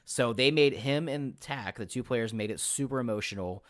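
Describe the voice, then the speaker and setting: A man hosting a casual podcast chat as a game master, telling stories in an animated way, acting out other people's lines and swearing freely. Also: medium pitch, normal speed, dry recording, clean studio sound. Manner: animated storyteller who acts out quotes and swears freely.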